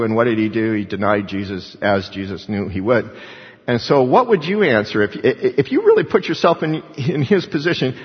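A man delivers a casual, conversational sermon. His voice is slightly husky, and he lifts his pitch when he voices quotes. The recording is dull, with long hall reverb. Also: lively intonation, moderate pace. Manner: conversational preaching, rises in pitch when quoting. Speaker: pastor.

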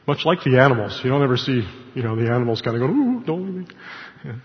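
A man's voice: medium pitch, steady tone, racing. Man teaching scripture in an echoey hall. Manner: conversational, with asides and self-corrections. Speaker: Bible study teacher. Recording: echoey hall, dull lo-fi sound.

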